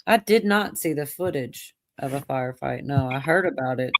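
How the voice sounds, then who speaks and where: A woman's voice: rumbling low, expressive, normal speed, slight background noise. A woman hosting a casual livestream, rambling and laughing easily. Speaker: livestream host.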